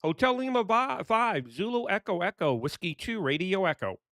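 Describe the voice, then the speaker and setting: A man's voice: high-pitched, very animated, background noise. A man, a ham radio operator, calling and chatting with an upbeat, enthusiastic manner. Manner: upbeat, enthusiastic, brisk call signs. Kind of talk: radio calls and casual chat. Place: home room in New York.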